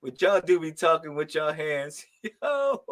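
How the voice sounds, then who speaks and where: A man chats casually on a live stream of psychic readings, his voice high and bright. He talks slowly and loudly in slang and laughs easily. He keeps calling out to his viewers. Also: sing-song. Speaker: livestream host giving psychic readings.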